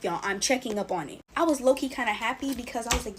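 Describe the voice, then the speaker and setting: Young woman, casual storytime narration, emphatic, lively, slightly high voice. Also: fast, few pauses, slight background noise.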